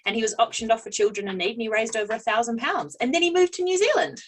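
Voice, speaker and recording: Brief: woman co-host, casual chat, playful storyteller, slightly high voice. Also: fast, rough recording. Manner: playful, tells stories with mock-earnest drama. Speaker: podcast co-host.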